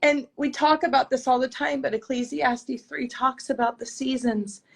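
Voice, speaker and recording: A woman's voice: sits high, steady tone, normal speed, vocal fry. Woman cohost on a faith podcast, grieving, thoughtful, kinda feels her way through words. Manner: reflective, searching for words. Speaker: podcast co-host. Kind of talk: casual faith chat.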